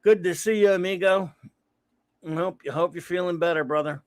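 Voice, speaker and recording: Talking fairly quickly in a high voice, the man hosts a relaxed livestream, greeting viewers by name while he reads their chat messages aloud and rambles. The sound has no echo.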